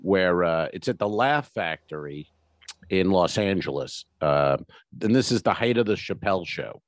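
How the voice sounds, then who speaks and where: A man with a lowish voice tells a story in casual podcast chat, his pitch swinging widely as he acts out each quote. The sound is close and dry, with no room around it. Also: expressive, moderate pace, no room sound. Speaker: podcast co-host.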